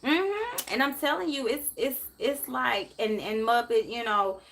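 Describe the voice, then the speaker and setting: A woman's voice: on the high side, unhurried, fairly bright tone. A woman, hosting a casual live tarot stream and talking emotionally to her viewers in a repetitive way. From Memphis, USA. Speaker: tarot reader and host.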